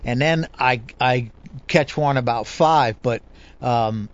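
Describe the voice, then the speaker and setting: A man's voice: medium pitch, slow, no room sound, dull audio. A man in casual conversation, telling a long fishing story with many restarts and "you know"s. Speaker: guest angler.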